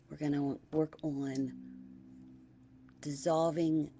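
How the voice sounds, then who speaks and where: A middle-aged woman with a lowish voice gives a soft-spoken spiritual talk. She is gentle and dreamy, and she stretches out her key words. Now and then she sinks into a breathy hush. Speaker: spiritual teacher and host.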